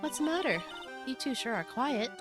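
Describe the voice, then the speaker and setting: A woman's voice: high voice, sing-song, normal speed, music in the background, voice pushed up. A woman voicing a playful, brash young woman animal tamer while reading game dialogue aloud. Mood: teasing.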